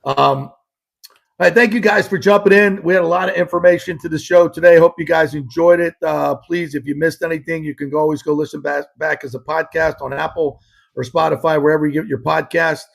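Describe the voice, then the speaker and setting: A man hosts a casual sports talk show with a gravelly, husky voice that sits a little high. His talk is loose and conversational, full of quick exclamations. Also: fairly even intonation. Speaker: host.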